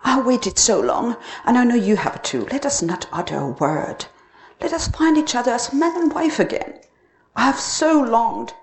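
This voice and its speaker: A woman's voice: a little high, expressive, normal speed, echoey room, a little hiss or hum, voice pushed up. A woman reading the lines of a formal, earnest, pious husband from an old-fashioned time, pleading and stiff. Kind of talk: storybook reading.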